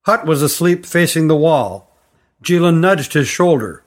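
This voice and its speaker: A man's voice: a little high, animated, measured pace. Man reading a storybook aloud. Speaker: narrator.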